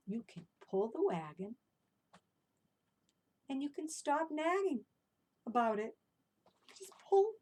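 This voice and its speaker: Animated woman telling stories to kids. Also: high-pitched. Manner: animated, encouraging, asks the listener questions. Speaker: children's storyteller. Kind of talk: interactive storytelling for children.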